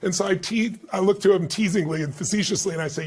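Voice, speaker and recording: A man being interviewed as an author, telling stories in an emphatic, animated way and acting out the dialogue. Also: fairly high pitch, fast, hardly any pauses, breathy edge. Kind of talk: interview storytelling.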